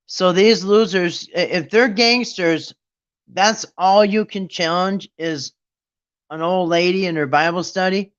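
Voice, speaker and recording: A man's voice: high-pitched, fairly even intonation, unhurried, fairly bright tone, smooth, highs cut off. A man hosting a casual live stream, talking in an indignant, mocking way and rambling with restarts. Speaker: livestream host.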